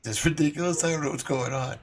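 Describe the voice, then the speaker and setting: A man with a Southern American accent, hosting a casual livestream chat, high and rambling in a laid-back way. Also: fast talker, noisy background. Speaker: podcast host. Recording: loud music playing behind.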